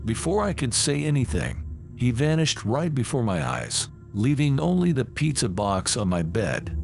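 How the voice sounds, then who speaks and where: A man reading a first-person horror story as scripted narration, with lively, dramatic delivery. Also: mid-range voice, normal speed, gravelly, soft background music.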